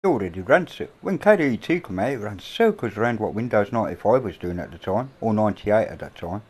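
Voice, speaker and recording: A middle-aged man with an English accent, hosting a casual livestream chat from a home, rambling and offhand with casual swearing, on a boom-mounted mic. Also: big pitch swings, fast talker, breathy edge. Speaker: livestream host. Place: indoors at a home. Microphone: boom-mounted microphone.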